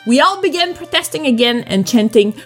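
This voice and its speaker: A woman's voice: sits high, lively intonation, fairly quick, soft background music. A woman reading fan fiction aloud for laughs, swearing freely and laughing often. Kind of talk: comedic dramatic reading.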